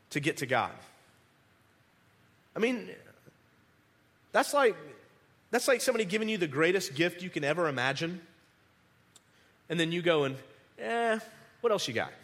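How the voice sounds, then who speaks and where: A man preaching a conversational sermon, animated, restarting words and acting out the people he quotes. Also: sits high, long reverb tail. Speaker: pastor.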